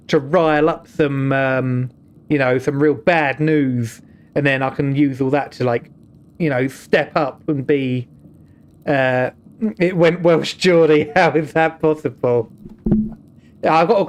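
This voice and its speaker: A young British man with a fairly high, unhurried voice offers joking, rambling, self-mocking commentary while streaming a game.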